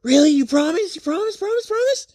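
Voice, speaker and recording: A man voicing a childish young woman who whines and begs in a high squeal. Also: animated, quick pace, darkish tone, no room sound, studio quality. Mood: eager squealing. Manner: whining, pleading, squealing high. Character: whiny childish young woman begging for punishment.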